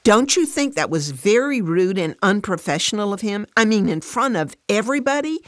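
A woman voicing a defensive, upset working mother, speaking higher and more emotionally than her narration. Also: animated, unhurried, no room sound, studio quality, close to an everyday voice. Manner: raised pitch, emotional and defensive.

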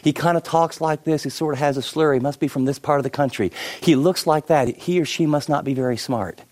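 A middle-aged man preaching a sermon, telling stories with many asides and shifting between lively and hushed delivery. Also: on the high side, brisk. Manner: animated storytelling with many asides. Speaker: pastor.

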